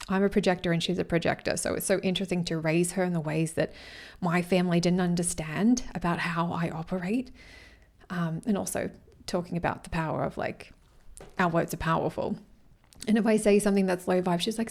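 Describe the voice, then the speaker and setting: A woman talking casually to her followers in a rambling, earnest way, sometimes dropping to a soft whisper. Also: lowish voice, steady tone, moderate pace. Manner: rambling and warm-hearted, often losing her thread. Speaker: vlogger speaking to her followers. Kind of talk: casual chat to camera.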